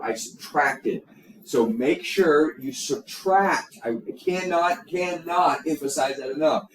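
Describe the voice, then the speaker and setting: Emphatic man teaching algebra, echoey room. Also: mid-range voice. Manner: repetitive, emphatic, many fillers and restarts. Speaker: math teacher. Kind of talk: recorded algebra lesson. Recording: echoey room, distant mic, faint hum.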